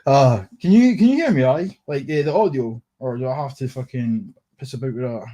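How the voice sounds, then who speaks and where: Husky Scottish man ranting. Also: medium pitch, animated, fairly quick, warm tone. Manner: scornful, laughs often, swears a lot. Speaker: livestream commentator. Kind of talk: sweary casual rant.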